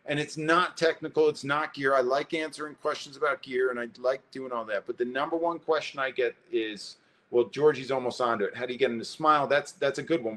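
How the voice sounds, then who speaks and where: A man presenting an online photography workshop, animated and high-energy, talking straight to his viewers while alone at his computer. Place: indoors, alone in front of a computer. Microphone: webcam or computer mic, alone talking to a screen.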